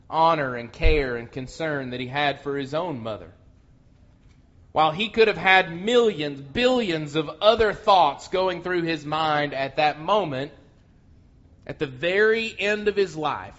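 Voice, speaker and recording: A man preaching a sermon, slow and earnest, often restarting his words. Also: fairly high pitch, fairly bright tone. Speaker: pastor. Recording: muffled lo-fi sound.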